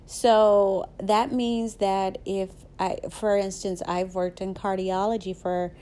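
A woman's voice: medium pitch, little pitch movement, takes it slowly, dark tone. Southern woman telling faith stories. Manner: chatty storytelling, often asks "right?". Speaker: podcast host. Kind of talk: faith-based motivational talk with personal stories.

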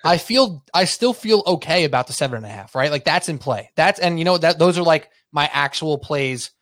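A male podcast co-host in casual sports chat, rambling through stories with plenty of animation. His voice sits a little higher than most men's. The sound is close and dry, with no room echo. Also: animated, fairly quick, a bit bright.

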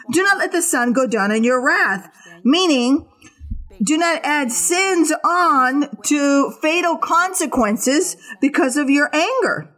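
A woman's voice: high voice, fairly bright tone. A woman preaching a sermon, giving earnest exhortations in short repeated commands.

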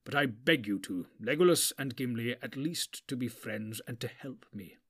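A commanding old wizard, as a male narrator puts him on. He speaks slowly and with weight. It is a storybook reading. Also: mid-range voice, lively intonation, fairly bright tone, husky. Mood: grave. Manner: slow, weighty, deliberate. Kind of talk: audiobook character voice.

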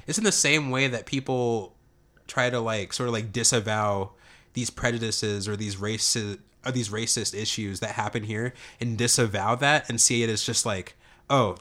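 A man's voice: medium pitch, bright, forceful tone. A young man guesting on a casual podcast, rambling with lots of fillers and swearing. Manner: rambling, filler-heavy, swears, laughs easily. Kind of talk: casual chat.

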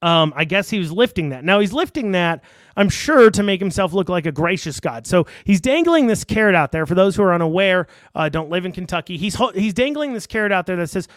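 In a casual online commentary, a high-voiced male political commentator rants in a sing-song, slightly quick way, rambling, restarting sentences and tossing in sarcastic asides. He's close to a desk mic, and the sound is dry with no room echo.

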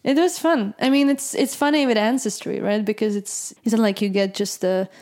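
A woman from Latvia, hosting a casual podcast chat, hesitant with many fillers and restarts and quick to laugh. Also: fairly high pitch, fairly even intonation, a little mellow. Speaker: podcast host.

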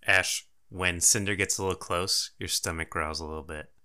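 A man narrating as game master of a tabletop game, casual and quick to laugh. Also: low-pitched, steady tone, pushed and bright, clear, resonant tone.

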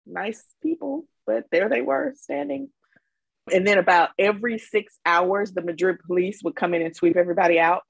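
A woman's voice: fairly low pitch, normal speed, gravelly, husky, no echo, low-quality recording. A woman from Mississippi, a podcast guest, telling travel stories in casual chat with frequent laughs. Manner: chatty storyteller, laughs often.

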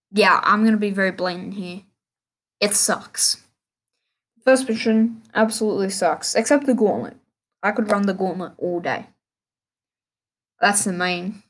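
A woman hosting a casual solo gaming podcast, rambling and restarting her sentences in an offhand way. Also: medium pitch. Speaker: podcast host.

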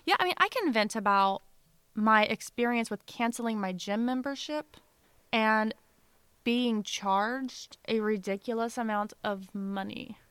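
Smooth-voiced young woman, dry close sound. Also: fairly high pitch, unhurried, fairly bright tone, dry recording. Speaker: podcast co-host. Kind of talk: casual chat.

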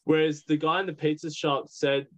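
A man's voice: on the high side, flat delivery, moderate pace, fairly bright tone. A young Australian man, a podcast guest, telling his story candidly in a rambling way, full of "like". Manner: candid, rambling with many "like" fillers. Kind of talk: casual storytelling.

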